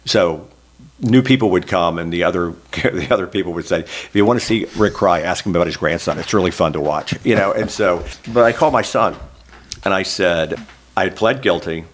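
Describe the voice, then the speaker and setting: A man's voice: sits low, brisk, a little hiss or hum. A middle-aged man from Oklahoma, a guest in an oral history interview, telling a candid, emotional story and close to tears at times. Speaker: interview guest, former state senator.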